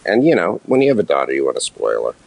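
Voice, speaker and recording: A man from Canada, a comedian guest, talking in a rambling casual chat with deadpan jokes. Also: low voice, fast talker.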